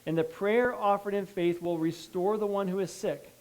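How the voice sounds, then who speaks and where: A male pastor preaching a sermon, reading scripture and breaking in with asides, moving between hushed pleading and loud emphasis. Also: high voice, steady tone, normal speed, low-quality recording. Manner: reads scripture then breaks in with asides and checks like "okay?".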